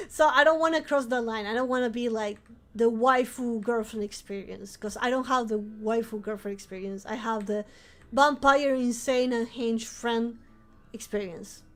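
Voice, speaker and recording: Woman streamer, high voice, rambling casual chat, faint music behind. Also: normal speed. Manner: rambling, chatty, with frequent laughs and restarts. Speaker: vampire-themed streamer.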